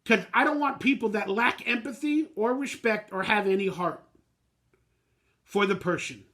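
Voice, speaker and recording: A man with a high-pitched voice and a bright, sharp edge rants through a postgame reaction on his fan channel. He talks bluntly and emotionally in plain, slangy words. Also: moderate pace.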